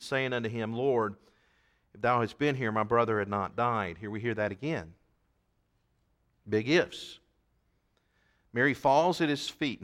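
A man preaching a sermon, reading King James scripture aloud and posing rhetorical questions, moving from hushed, tender passages to loud, emphatic ones. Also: medium pitch. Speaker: pastor.

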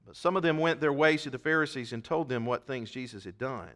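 A man preaching a sermon, reading scripture aloud and swinging between loud emphatic shouts and quiet asides. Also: mid-range voice, brisk. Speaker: pastor.

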